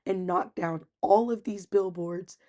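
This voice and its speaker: A woman casually recapping a reality TV episode, chatty and animated when she quotes people. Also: on the low side, a little slow. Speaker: recap host.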